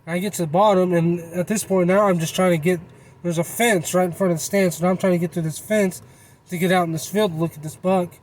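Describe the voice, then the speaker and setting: A man's voice: sits high, fairly even intonation, fast talker, darkish tone, a little hiss or hum, rough recording. A man telling a hunting story in a casual, rambling, folksy way. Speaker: channel host.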